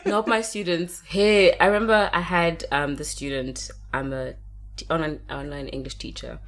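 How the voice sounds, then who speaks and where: A woman's voice: low voice, fairly even intonation, normal speed. A young South African woman with a South African accent co-hosting a casual podcast chat, laughing often and telling stories with acted quotes. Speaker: podcast co-host.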